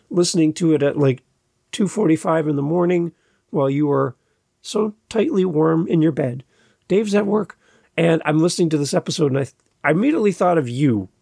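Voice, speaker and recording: A man's voice: a little high, gravelly, mellow, breathy edge, dry recording, clean studio sound. A man hosting his own podcast, talking casually and emphatically, repeating key words for stress. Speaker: podcast host. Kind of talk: casual solo podcast talk.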